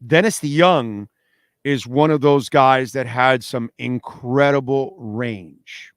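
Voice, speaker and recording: A man hosting a sports radio show takes things slowly in a smooth, medium-pitched voice. His talk is casual yet emphatic and animated, full of repeated words, captured cleanly on a studio mic with no echo.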